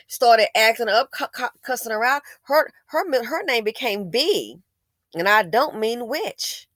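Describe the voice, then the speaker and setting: A woman in giving blunt, preachy commentary straight to her audience. Her voice is bright and sits a little high, and her pitch swings widely as she pushes her points. The recording is close and dry, and she trips over restarts whenever the heat rises. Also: no room sound. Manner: blunt, preachy, frequent restarts and stammers when heated. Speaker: commentary channel host. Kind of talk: impassioned commentary monologue.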